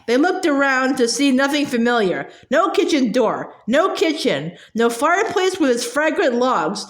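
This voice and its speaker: A woman reading a novel aloud, halting often with fillers and restarts. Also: high voice, very animated, echoey room. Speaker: audiobook reader.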